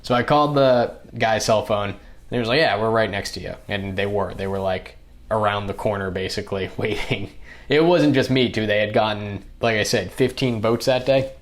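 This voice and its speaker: A young man, a podcast guest, telling a story in a casual, animated way and acting out what others said. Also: lowish voice, normal speed. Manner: animated, acts out other people's lines in the telling.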